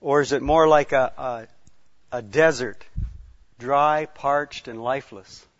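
A man's voice: mid-range voice, slow, no room sound. A man, giving a conversational sermon as a folksy, rambling storyteller with many fillers. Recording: slightly dull lo-fi sound.

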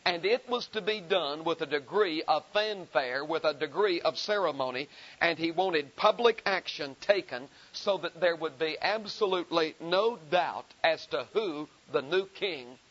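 A male preacher delivering a sermon in a somewhat high voice. He stacks repeated phrases for emphasis and slows down to read scripture with weight. The recording sounds dull and lo-fi. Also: a bit bright. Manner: rhetorical repetition, emphatic rising delivery; slow deliberate reading of scripture.

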